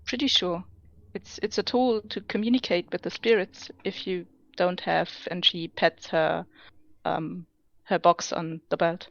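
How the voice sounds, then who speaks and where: A woman playing in a tabletop role-playing game, halting and thinking aloud as she describes her moves. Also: on the low side, steady tone, creaky, highs cut off. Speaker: player.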